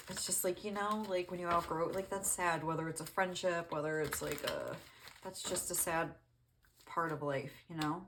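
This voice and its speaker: A woman with a low voice gives a casual tarot reading. She rambles along in a loose, chatty way, full of fillers and small asides. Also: steady tone, normal speed, background noise. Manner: rambling, lots of "like", laughs often. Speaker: tarot reader.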